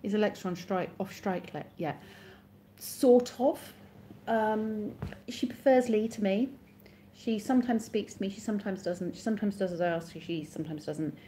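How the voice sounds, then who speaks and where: A chatty woman in her thirties talks casually to viewers on a live stream, reading out their comments and replying to them. Her voice is mellow and warm. A faint hum of noise sits behind her. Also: medium pitch, normal speed.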